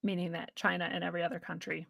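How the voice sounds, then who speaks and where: Woman ranting to her camera, bright voice, swears a lot, dry close sound. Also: lowish voice, very fast, creaky, no room sound. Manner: blunt, profane, animated. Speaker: video blogger. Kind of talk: casual ranting talk to camera.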